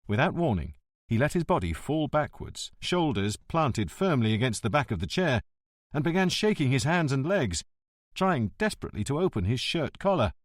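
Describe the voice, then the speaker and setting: A man narrating an audiobook mystery in an expressive, wry storytelling manner, close to the mic. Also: mid-range voice, normal speed, no room sound. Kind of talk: scripted narration.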